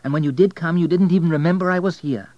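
A soft young Polish waitress with a lifted, light voice, as a male audiobook reader puts her on. Her Polish accent is gentle and she teases a little. The recording is dry and close. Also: a little high, quick pace, no echo, muffled recording, voice pushed up, natural voice.

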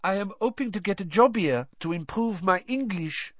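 A man's voice: high-pitched, animated, normal speed, no echo, dull audio, voice pushed up. A man voicing a polite young French woman, with formal, slightly stilted phrasing.

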